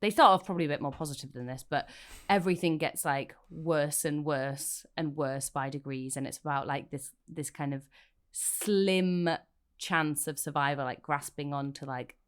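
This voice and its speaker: A woman's voice: sits low, moderate pace, smooth. A woman co-hosting a film podcast, chatting casually in a playful, opinionated way. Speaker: podcast co-host. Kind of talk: casual film-review chat.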